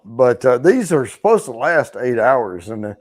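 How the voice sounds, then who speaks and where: A man's voice: medium pitch, very animated, moderate pace, a little mellow. A man hosting a livestream, telling a rambling story full of fillers and swearing, wearing a wireless clip mic. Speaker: livestream host. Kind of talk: casual chat. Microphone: wireless lapel transmitter.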